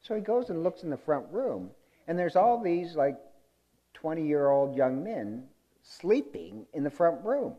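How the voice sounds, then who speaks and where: Male pastor, relaxed conversational preacher, amused storyteller with frequent ums. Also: fairly high pitch, measured pace, lo-fi sound. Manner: chatty and amused, with many ums and uhs.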